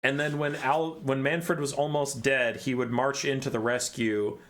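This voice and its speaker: A man's voice: medium pitch, little pitch movement, moderate pace, a bit bright. A man casually retelling a game story in a rambling, profane way, often correcting himself.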